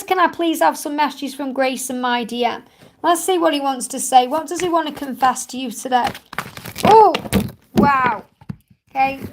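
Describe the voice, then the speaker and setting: A woman with a fairly high voice hosts a live stream, turning cards and reading them for her viewers. She speaks in a soothing, reassuring way, often checking in with a gentle "okay?" as she explains. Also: slight background noise. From England. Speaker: tarot reader hosting a live Q&A.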